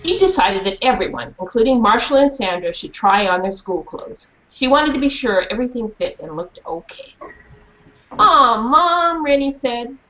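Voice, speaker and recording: A woman's voice: a little high, moderate pace, hardly any pauses. A woman reading a children's book aloud to students and then asking them questions. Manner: lively, questioning a class. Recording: dull lo-fi recording with faint hiss.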